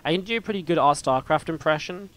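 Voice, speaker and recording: A man's voice: on the high side, fast, a bit bright. Chatty male esports caster with a strained voice. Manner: chatty, rambling, talks to viewers directly. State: slightly strained voice. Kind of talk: live play-by-play game commentary.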